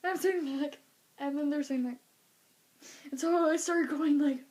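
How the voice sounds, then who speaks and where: A woman vlogs while casually telling a story, animatedly acting out everyone's reactions and saying "like" a lot. Her voice is high-pitched and her pace is normal.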